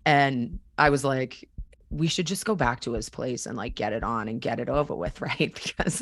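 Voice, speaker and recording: A woman's voice: a bass voice, normal speed, no room sound. A woman from Boston, a podcast host, telling a personal story in a candid, chatty way and acting out the dialogue.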